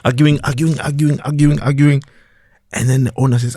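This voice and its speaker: A South African man, a podcast guest, telling a dramatic story in an animated way and acting out the voices of the people in it. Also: mid-range voice, moderate pace, husky, dry recording, clean studio sound. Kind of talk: storytelling in an interview.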